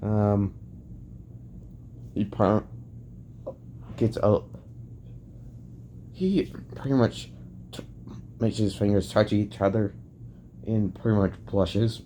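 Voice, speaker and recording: A man spins a fan-fiction story off the cuff, rambling and circling back on himself. His voice sits low and mellow, and he takes his time between phrases. A faint hum of background noise runs under him. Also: slow pace, pauses often. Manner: rambling, restarts often, leans on filler phrases.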